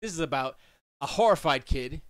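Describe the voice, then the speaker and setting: A man's voice: on the high side, animated, normal speed, fairly bright tone, clean tone, no room sound. A man hosting a casual livestream from his home studio, joking and riffing and slipping into silly quoted voices. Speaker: livestream host.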